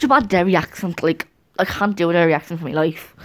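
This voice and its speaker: A young woman talks at home in a loose, rambling chat, breaking off and restarting her sentences as she goes. Her voice sits a little low for a woman, and she keeps it easygoing and conversational. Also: fast. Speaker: vlogger. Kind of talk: casual chat to camera.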